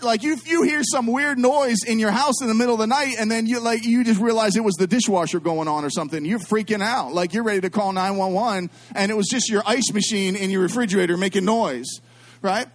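A middle-aged man preaching a sermon as a pastor, telling stories and swinging between quiet, hushed passages and loud, excited ones. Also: high voice, brisk.

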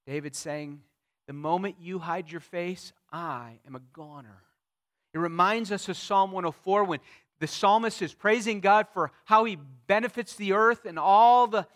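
A man preaching a sermon, retelling scripture in the first person, swelling loud on key phrases and dropping soft after. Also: a little high. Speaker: pastor.

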